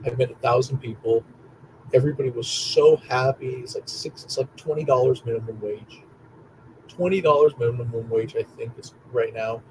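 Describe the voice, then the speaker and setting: A young man telling stories in a rambling, excitable monologue, repeating himself and swearing often. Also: medium pitch, slight background noise, poor audio. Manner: excitable, profane, repetitive storytelling. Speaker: vlogger.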